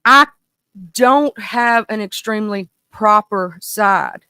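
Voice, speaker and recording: A woman in her thirties with a Mississippi Southern accent, hosting a casual livestream chat in a goofy, animated, rambling way. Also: mid-range voice, takes it slowly, clear, resonant tone, no room sound. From small town in northern Mississippi, USA. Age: 30s. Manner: goofy, animated, talkative, goes off on tangents. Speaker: livestream host.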